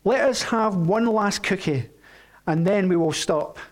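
A man's voice: sits high, measured pace. A man voicing a greedy, wheedling male toad while reading a storybook aloud, in a plaintive, bargaining way. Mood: pleading.

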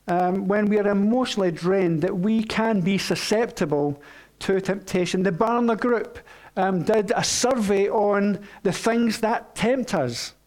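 High-voiced man preaching unhurriedly. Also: a little mellow. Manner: unhurried, conversational, with many "um"s and questions to the congregation. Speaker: pastor. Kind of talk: sermon.

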